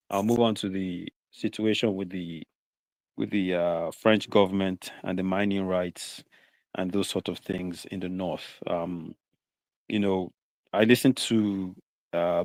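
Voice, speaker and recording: A man with a low, gravelly voice argues his case on a live talk show. He speaks in a measured way, often checking in with "you know". The sound is close and dry, with no room in it. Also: darkish tone, no room sound. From southern Nigeria. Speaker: panelist.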